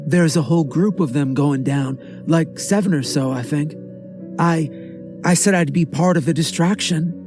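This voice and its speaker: A man's voice: on the high side, normal speed, over music, pitched above the performer's own voice, lightly acted. A man voicing a frightened teenage boy who stammers and pleads. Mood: nervous.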